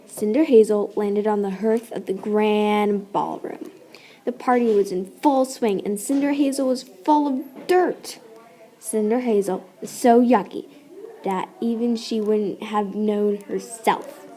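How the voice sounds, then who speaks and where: Slow, expressive woman reading a children's story. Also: medium pitch. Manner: expressive, playful sound effects. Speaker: storybook reader. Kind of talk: children's story read-aloud.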